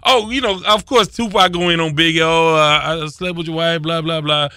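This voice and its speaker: Man, middle-aged, podcast host, casual chat, self-deprecating, slightly high voice, dry close mic. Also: normal speed, clear, resonant tone, no room sound. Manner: animated, self-deprecating, laughs often.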